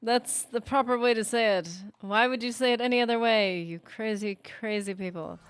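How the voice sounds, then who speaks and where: A woman's voice: fairly high pitch, steady tone, normal speed, background noise. A woman streaming a game, chatting casually and teasing her viewers in a playful way. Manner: playful, teasing banter with chat. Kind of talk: casual live-stream chat.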